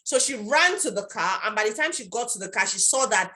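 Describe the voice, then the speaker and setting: A woman's voice: medium pitch, lively intonation, fairly quick, bright, forceful tone. A woman hosting a casual chat, retelling a story she saw online. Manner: retells stories, acting out the voices in them. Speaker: host.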